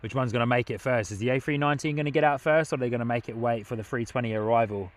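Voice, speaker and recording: A young man talks very fast in a medium-pitched voice while hosting a casual live stream outdoors at an airport viewing spot. He reads viewers' comments aloud and laughs often.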